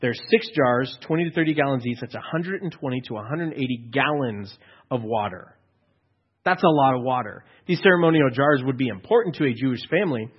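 A man preaching a conversational sermon to a congregation. He acts out the people in the story, sometimes dropping to a hushed aside. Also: medium pitch, lively intonation, brisk, slightly rough, dull audio. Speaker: pastor.

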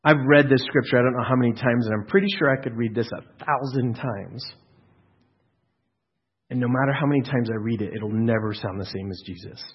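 Earnest preaching man, husky voice. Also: medium pitch, a little fast, lo-fi sound. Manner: earnest, emphatic with frequent restarts and rhetorical questions. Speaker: pastor. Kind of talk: sermon.

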